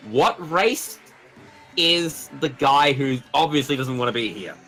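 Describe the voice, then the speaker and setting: A man at the table in a role-playing session, cracking quick jokes and describing his character's moves. His pitch is mid-range, with faint music playing underneath. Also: animated, bright, forceful tone. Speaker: player. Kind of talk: tabletop role-play chat.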